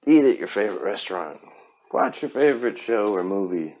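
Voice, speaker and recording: A man's voice: on the low side, sing-song, brisk, a little mellow. A man hosting a podcast, giving a blunt, profane pep talk in a casual monologue. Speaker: podcast host.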